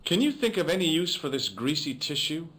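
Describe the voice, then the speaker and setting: A man's voice: fairly high pitch, big pitch swings, a little fast, a bit bright, husky, exaggerated voice. A male actor voicing a polite, inquisitive young investigator in a video game who keeps asking probing questions. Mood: inquiring.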